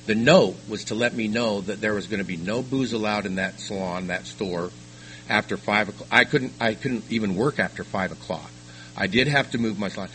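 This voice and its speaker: An older man giving a personal testimony at a recovery meeting, telling his story haltingly with frequent restarts. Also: fairly low pitch, a bit bright, a little hiss or hum, low-quality recording. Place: meeting room.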